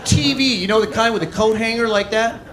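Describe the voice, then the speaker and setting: A man from Arizona works a comedy club stage with a brash, mocking, punchy stand-up delivery. His voice sits high for a man and rings around an echoey room. A loud crowd laughs behind him. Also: a little fast.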